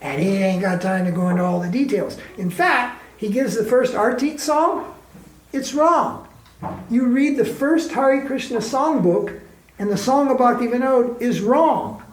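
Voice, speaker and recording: A man's voice: extremely high pitch, measured pace. A man being interviewed as a spiritual teacher, telling stories in a candid, colloquial way and firing off emphatic rhetorical questions. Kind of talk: candid conversational storytelling. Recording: roomy echo.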